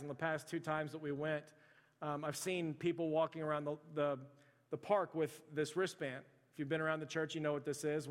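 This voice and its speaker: A man preaching a sermon, telling a folksy story in a relaxed, conversational way with quiet voiced asides. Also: fairly high pitch. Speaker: pastor. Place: church sanctuary. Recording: long hall reverb.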